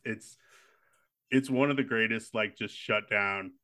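A man's voice: fairly low pitch, unhurried, bright, forceful tone. A man co-hosting a podcast, chatting casually and enthusiastically about a film he loves. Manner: enthusiastic, quotes film lines at length. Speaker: podcast co-host. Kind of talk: casual chat about a movie.

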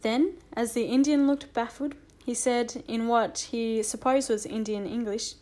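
A woman's voice: on the high side, steady tone, measured pace, few pauses, warm tone. Woman reading an audiobook expressively. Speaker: narrator. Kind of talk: audiobook narration.

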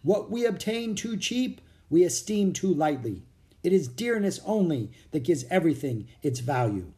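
A commanding general proclaiming a stirring speech to his soldiers, with his voice lifted high and full. A man reading aloud plays him. He lingers on each phrase with grand swings of pitch. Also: very animated, normal speed, dark tone. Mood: rousing. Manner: declaiming, rousing. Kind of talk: audiobook character voice.

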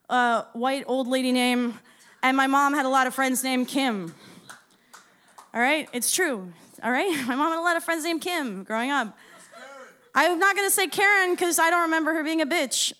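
A woman's voice: sits high, pushed and bright. A woman in her thirties telling a story live on stage, with a casual, profane, self-deprecating manner and frequent laughs. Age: 30s. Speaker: storyteller and musician.

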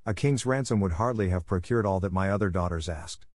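A man's voice: deep voice, brisk, darkish tone. A man reading the part of a timid, terrified middle-aged merchant father in a storybook audiobook, speaking in an anxious, pleading way.

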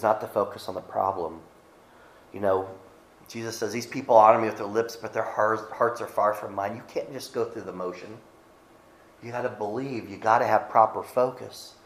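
A man's voice: fairly low pitch, roomy sound, slight background noise, low-quality recording. A middle-aged male pastor giving a sermon, reading scripture aloud and speaking conversationally with frequent restarts.

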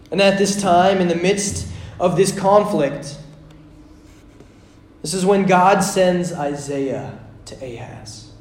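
A man preaching a sermon, swinging between loud, pressing lines and hushed, drawn-out ones. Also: high-pitched, roomy sound.

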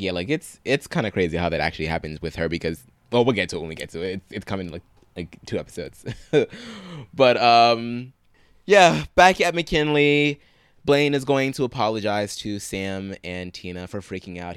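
A man with a very deep, smooth voice recaps scenes in relaxed conversation. He rattles off characters' lines in quick paraphrase, with dry close-mic sound. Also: dry recording. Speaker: podcast co-host. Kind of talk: casual recap chat.

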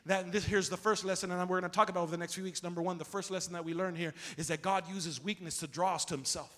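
High-voiced guy pastor preaching loud call and response, long echo in a big church. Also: fast. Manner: energetic call-and-response preaching, swings from shouting to quiet. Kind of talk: sermon. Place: church sanctuary. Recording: long reverb of a big hall.

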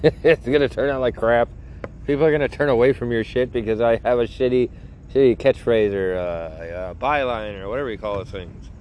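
A man's voice: mid-range voice, brisk, a little mellow, slight background noise. A middle-aged man chatting casually to his viewers from a car, rambling, joking and swearing with self-mocking humor. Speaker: vlogger.

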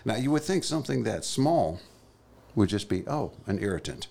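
A man's voice: fairly low pitch, big pitch swings, normal speed, vocal fry, a little mellow. A man co-hosting a casual studio podcast, joking around and reading out odd facts. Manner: playful, joking, reads out facts. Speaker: co-host.

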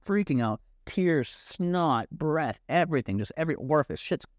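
A young adult man telling a personal story as a podcast guest, animated and swearing freely while acting out what others said. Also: on the high side, moderate pace, no room sound, studio quality. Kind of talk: casual storytelling.

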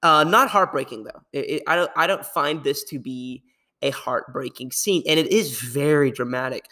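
A young man hosting a podcast, talking casually in a rambling, animated way and laughing often. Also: fairly high pitch, normal speed. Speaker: podcast host.

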